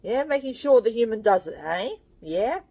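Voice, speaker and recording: A woman's voice: a little high, animated, moderate pace, dark tone, husky. A half-asleep woman, chatting to her cats in cooing baby talk as she feeds them at home. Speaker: cat owner filming her cats. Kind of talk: casual talk to pets.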